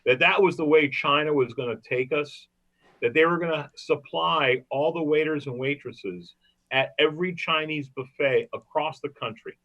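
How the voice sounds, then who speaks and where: A man's voice: a little high, normal speed, a bit bright. A man hosting a comedy podcast, telling rambling jokey stories. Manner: joking, rambling storyteller. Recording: dull lo-fi recording.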